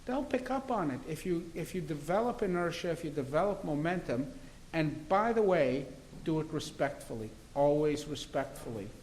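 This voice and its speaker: A man with a slightly high voice and a faint hiss behind him makes his case in an interview. He is a criminal defence lawyer, and he talks in an assertive, argumentative, emphatic way. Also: expressive, normal speed, a little mellow, low-quality recording. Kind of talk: interview conversation.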